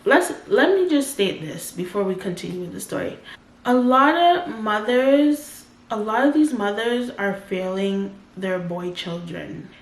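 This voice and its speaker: A woman's voice: medium pitch, animated, unhurried. A woman in her twenties telling a personal story as a casual storytime vlogger, talking in loose run-on sentences full of "like". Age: 20s. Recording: roomy echo.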